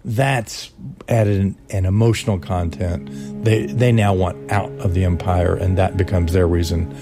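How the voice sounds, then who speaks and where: A man's voice: low-pitched, steady tone, a little slow, over music. A man speaking as a historian in an interview, explaining in a conversational way with hesitations. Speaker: historian and author. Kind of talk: interview commentary.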